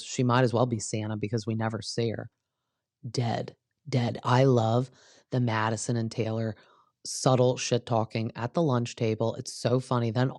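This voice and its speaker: A woman's voice: a bass voice, a little mellow, no room sound, clean studio sound. A young woman hosting a show, chatting casually and sarcastically with lots of "like" fillers. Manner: chatty, sarcastic, heavy use of "like". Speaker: podcast host recapping reality TV. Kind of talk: casual chat. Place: home.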